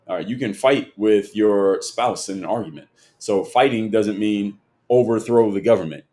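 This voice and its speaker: Male streamer, lower-pitched, lecturing commentary answering viewers. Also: darkish tone. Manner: argumentative, lectures and rebuts chat comments. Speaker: livestream host. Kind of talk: political commentary livestream, reading chat.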